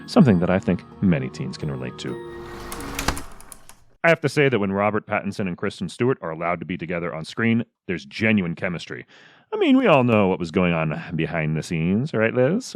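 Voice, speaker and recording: A man's voice: low-pitched, huge pitch swings, brisk, no room sound, soft background music. A man co-hosting a film podcast, wry and teasing in casual chat. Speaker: podcast co-host. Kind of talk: casual film review chat, partly scripted.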